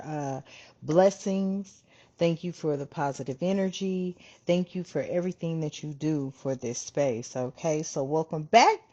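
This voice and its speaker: A low-voiced female tarot reader talks casually on her spiritual channel, her voice swinging lively as she swears freely and calls viewers family. The camera is on her hands, and the home recording sounds muffled, dull and lo-fi.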